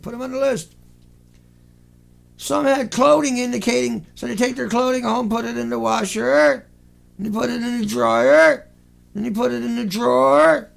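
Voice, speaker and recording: A man hosting an online show, talking in a sarcastic, mocking commentary style with animated asides. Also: very high voice, moderate pace, vocal fry.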